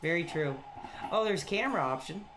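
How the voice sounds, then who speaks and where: A man streaming a wrestling video game late at night, rambling and shouting excitedly at the action. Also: fairly high pitch, a little fast, a little hiss or hum, rough recording. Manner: excitable, loud outbursts, rambling. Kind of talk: excited gameplay commentary.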